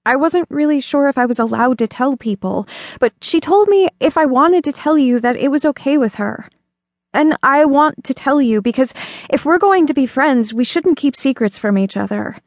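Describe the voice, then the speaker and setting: A woman voicing a shy little girl who speaks softly and gently for an audiobook. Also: high-pitched, animated, moderate pace, no echo, studio quality, voice pushed up. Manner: soft and gentle. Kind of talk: audiobook character voice.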